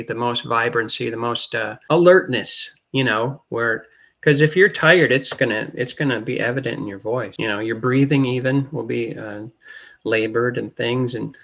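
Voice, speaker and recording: Male host, gravelly, encouraging, casual interview chat. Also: medium pitch, fairly bright tone, highs cut off. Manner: encouraging, speaks in quick bursts with acted-out quotes.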